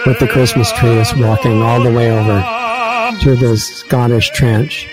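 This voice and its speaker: A man's voice: medium pitch, a little slow, loud music behind the voice. Man retelling a war film scene. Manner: animated storyteller quoting characters. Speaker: radio host.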